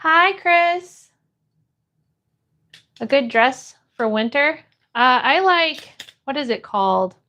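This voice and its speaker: Young woman streamer, high voice, unhurried, bubbly chat greetings. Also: lively intonation, fairly bright tone. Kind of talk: casual live-stream chat.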